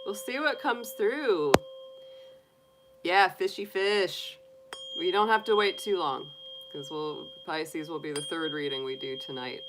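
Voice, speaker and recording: A woman's voice: on the low side, measured pace, background noise. A middle-aged woman hosting a tarot live stream, chatting casually, giggling often and greeting viewers by name.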